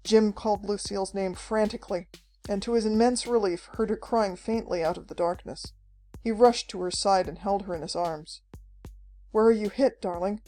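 A woman narrates an adventure story in a steady, measured way. Her voice is mellow and warm, at a middle pitch. Faint music plays quietly under the reading. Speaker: audiobook narrator. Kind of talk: scripted narration.

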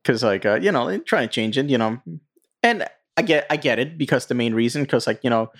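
A man's voice: medium pitch, expressive, brisk, fairly bright tone. A man co-hosting a podcast in loose, swearing casual chat, full of fillers like "like" and "uh". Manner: loose, profane banter with frequent fillers. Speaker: podcast co-host.

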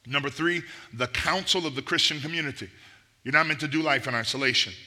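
A man's voice: on the high side, quick pace, pushed and bright. A middle-aged man preaching a sermon, emphatic and repeating key phrases. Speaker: pastor.

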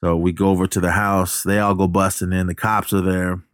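Deep-voiced man rambling through a plot. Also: little pitch movement, brisk, smooth, no echo, clean studio sound. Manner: rambling, loose, swears, lots of fillers. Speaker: movie recapper. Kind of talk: casual plot retelling.

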